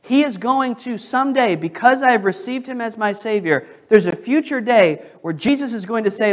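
A male pastor preaching a sermon in a church, questioning the congregation and slowing down to stress key phrases. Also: extremely high pitch, expressive. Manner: emphatic, slows down on key phrases. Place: church sanctuary.

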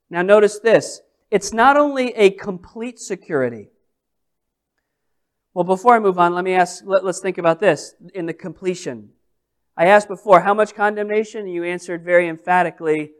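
Guy preaching slow and deliberate, leans hard on each phrase, asks the room questions. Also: high voice, clean tone. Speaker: pastor. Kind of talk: sermon.

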